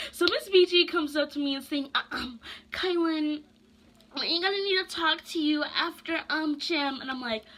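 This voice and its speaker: A young woman vlogger tells a casual storytime in a bright, crisp voice that sits a little high. She talks in a chatty, animated way, full of slang and quick asides.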